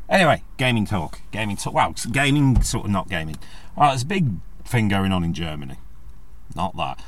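A man's voice: fairly low pitch, sing-song, moderate pace. A man with a sweary, sarcastic manner, ranting casually in a vlog. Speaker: vlogger. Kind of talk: casual rant.

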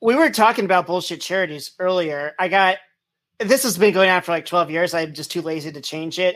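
A man's voice: sits high, brisk, a bit bright. Co-host, married man, blunt and crude, incredulous questions. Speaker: podcast co-host. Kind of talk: casual chat.

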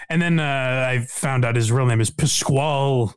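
A man's voice: mid-range voice, normal speed, hardly any pauses, clear, resonant tone. A man hosting a casual podcast, telling stories with frequent laughter. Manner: storytelling, laughing, animated. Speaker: podcast host.

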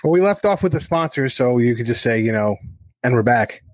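A man co-hosting a casual podcast, talking quickly in a blunt way and swearing freely. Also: mid-range voice, lively intonation, dry recording.

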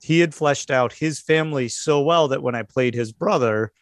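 A man's voice: medium pitch, normal speed, dry recording. A man with a mid-range voice hosts a casual podcast about tabletop gaming. He leads the talk and asks the others questions. The recording is dry and close. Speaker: game master and host.

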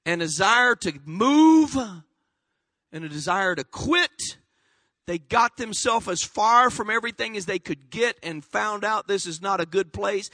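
A man's voice: sits high, no room sound, studio quality. A man pastor delivering an impassioned sermon. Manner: impassioned preaching, dropping to a soft voice in prayer.

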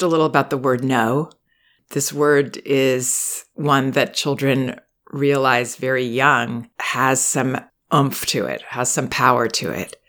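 Calm measured woman podcast host. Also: rumbling low. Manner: measured, gentle explaining with deliberate pauses. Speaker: podcast host and parenting advisor. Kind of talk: calm advice podcast, reading a listener's letter.

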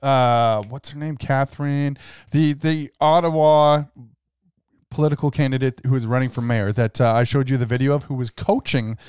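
Man, casual podcast rant, profane and mocking, smooth clear voice, dry sound. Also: medium pitch, steady tone, normal speed, darkish tone, no echo. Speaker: podcast co-host.

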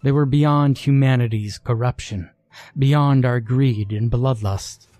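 A man narrating a first-person horror story in a measured, scripted way. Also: mid-range voice, dark tone, dry recording.

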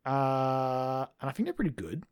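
A man's voice: medium pitch, lively intonation, moderate pace, smooth. Male host, casual gaming podcast, dry self-mocking humour, mid-range voice. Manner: wry, self-deprecating, steers the segments. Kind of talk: casual chat about video games.

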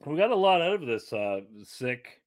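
A man's voice: fairly high pitch, very animated, normal speed. A man co-hosting a podcast in casual, rambling, jokey chat, slipping into silly voices when he tells stories. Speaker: podcast co-host.

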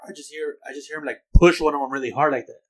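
A man's voice: a little high, racing, fairly bright tone, poor audio. Profane laughing young man telling a story. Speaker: podcast co-host. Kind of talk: casual chat, storytelling.

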